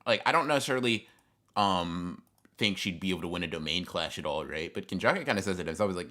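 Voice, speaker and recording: A man's voice: deep voice, lively intonation, fast, sharp tone. A man co-hosting a stream in casual chat, rambling with many fillers and swear words. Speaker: stream co-host.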